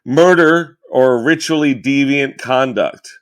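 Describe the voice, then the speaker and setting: A man co-hosting a podcast in casual comedic chat, crude and excitable. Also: medium pitch, slow. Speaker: podcast co-host.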